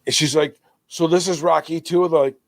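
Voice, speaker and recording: Lively laughing storyteller man, dry sound. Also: on the high side, normal speed, gravelly, dry recording. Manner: animated storyteller who laughs while retelling. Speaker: podcast co-host. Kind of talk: casual chat. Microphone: podcast microphone.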